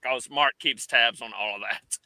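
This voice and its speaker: A man's voice: medium pitch, moderate pace, bright, forceful tone, dry recording. A man running the game, chatting casually and laughing often in the middle of sentences. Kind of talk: casual chat.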